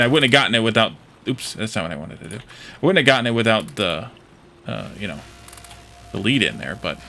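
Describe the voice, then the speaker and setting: A man's voice: lowish voice, creaky, bright, forceful tone, a little hiss or hum. A man streaming a factory-building game, chatting casually with viewers, joking and fumbling over how to say foreign words. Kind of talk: casual gameplay commentary with chat.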